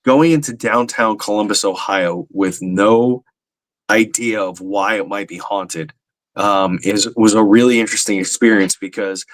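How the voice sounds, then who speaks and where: A man's voice: lowish voice, a little slow, slight background noise, poor audio. A man, talking earnestly in a casual paranormal podcast, with many fillers. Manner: earnest, rambling, frequent fillers. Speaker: paranormal medium, podcast guest.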